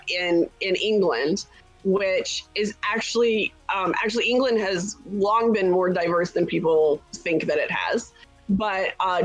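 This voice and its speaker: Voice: medium pitch, poor audio. Co-host, mid-range voice, casual explanatory chat, faint music behind. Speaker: podcast co-host.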